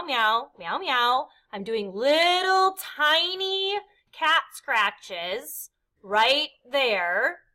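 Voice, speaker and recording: A woman teaching a kindergarten clay lesson, with a high voice that sits above most women's. Her tone is bright and clear as she explains each step patiently and counts along with the actions. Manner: patient, step-by-step, counts aloud and makes meow sounds. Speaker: art teacher. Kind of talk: instructional demonstration.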